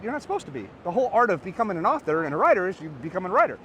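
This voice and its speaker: Energetic man coaching outdoors. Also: high voice, racing, few pauses, a little hiss or hum. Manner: energetic, animated and earnest, rising to excited peaks. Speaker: podcast host and coach. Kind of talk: motivational talk to camera. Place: outdoors by a beach.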